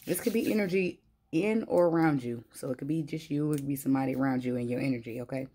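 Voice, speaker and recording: A woman reads tarot for her viewers in a loose, chatty way, laughing often as she goes. Her voice is mellow and dark with a gravelly fry. There is faint noise behind her. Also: a bass voice. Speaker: tarot reader. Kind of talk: casual spiritual reading.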